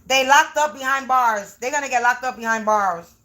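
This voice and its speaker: A woman reads tarot live from home. Her voice sits high and sounds bright. She curses often and swings between low, muttered asides over her cards and loud shouts at people she thinks are against her. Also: normal speed. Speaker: tarot reader on a livestream. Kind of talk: livestream tarot reading, ranting. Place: home room.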